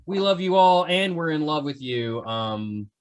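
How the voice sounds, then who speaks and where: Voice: mid-range voice, moderate pace. A podcast host in casual chat, joking and playful as he wraps up the show. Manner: playful, jokey, lively sign-off.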